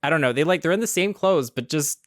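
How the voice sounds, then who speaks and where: A man recapping a cartoon movie in a sarcastic, deadpan commentary style. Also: fairly high pitch, fast talker, dry recording. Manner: dry, snarky, deadpan asides. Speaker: YouTube commentator.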